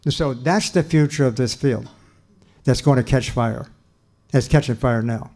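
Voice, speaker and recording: A man's voice: medium pitch, normal speed, darkish tone. An older man giving a lecture on nutrition in an earnest, emphatic way, often restarting his sentences. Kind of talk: lecture talk.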